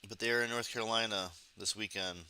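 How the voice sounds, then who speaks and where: A man's voice: fairly low pitch, fairly even intonation, quick pace, sharp tone, smooth. A man hosting a casual late-night news commentary stream, sarcastic and ranting, talking carefully with a sore face after surgery. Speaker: live stream host.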